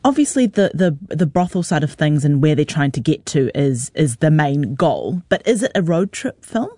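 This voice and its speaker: A woman hosting a casual radio film chat who works through the list in a measured way. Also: deep voice, sing-song, dark tone, no room sound, clean studio sound.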